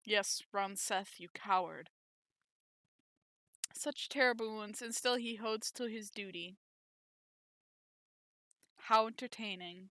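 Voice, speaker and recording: A woman's voice: medium pitch, a bit bright, dry recording. A woman reading aloud as a cruel, mocking male villain general who rides a dragon. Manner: mocking, taunting.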